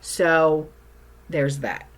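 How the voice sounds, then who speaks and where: A woman's voice: low-pitched, steady tone, drawn-out words. A woman hosting her channel, talking casually through news items and often checking in with "okay?". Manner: chatty, frequent "okay?" check-ins. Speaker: channel host.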